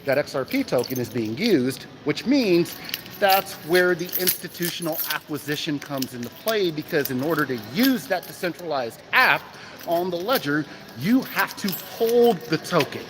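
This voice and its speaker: A man's voice: on the high side, moderate pace, background noise. A man hosting a casual livestream, speaking into a phone he holds, asking viewers rhetorical questions and greeting them by name. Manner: animated, talks to chat viewers, asks rhetorical questions. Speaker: crypto livestream host. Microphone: phone in hand. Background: keys jangling.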